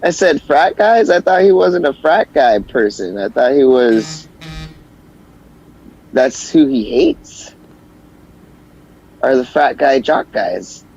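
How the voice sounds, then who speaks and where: Brief: husky male co-host, lively pitch, muffled lo-fi sound. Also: slow pace, pauses often. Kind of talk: livestream commentary.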